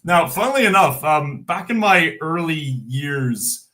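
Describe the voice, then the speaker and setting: A man's voice: fairly high pitch, expressive, unhurried, sharp tone. A Scottish man hosting a livestream, chatting casually in a jokey, rambling way. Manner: jokey, giggly, rambling with fillers. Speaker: streamer host.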